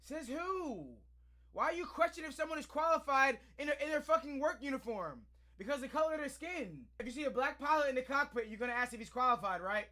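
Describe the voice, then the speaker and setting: Male reaction host, animated and angry, swears freely; higher, bright, punchy tone. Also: quick pace. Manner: heated, profane, animated ranting. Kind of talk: reaction commentary rant.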